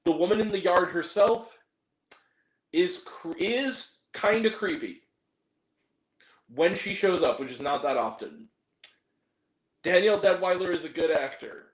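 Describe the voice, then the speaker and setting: A man hosting a casual movie review show, talking in an animated, joking way with mock-angry rants. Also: high-pitched, measured pace, pauses often, roomy sound, poor audio.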